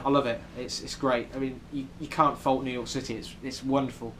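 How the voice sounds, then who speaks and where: A young British vlogger in a New York City hotel room rambles casually with plenty of ums, his mid-range voice flat and fairly quick with hardly any pauses. Slight background noise comes through.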